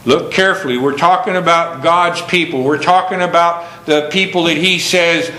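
A man preaching a sermon, earnest, swinging from emphatic questions down to low, slow passages. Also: steady tone, sharp tone, roomy sound, poor audio.

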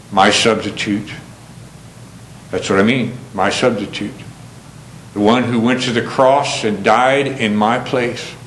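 A man preaching a sermon, earnest, swinging from emphatic questions down to low, slow passages. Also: fairly bright tone, roomy sound, a little hiss or hum, rough recording.

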